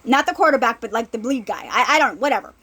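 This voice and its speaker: A woman's voice: fairly high pitch, expressive, fast talker, a bit bright. A woman giving an informal sermon in a conversational way, often repeating herself and checking in with her listeners. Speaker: ministry speaker.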